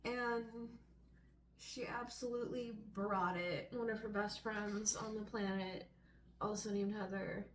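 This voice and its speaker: A woman's voice: medium pitch, fairly even intonation, unhurried, recorded from a distance, a little hiss or hum. A woman co-hosting a casual chat, wry and swearing offhandedly. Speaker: co-host. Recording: roomy sound from off-mic.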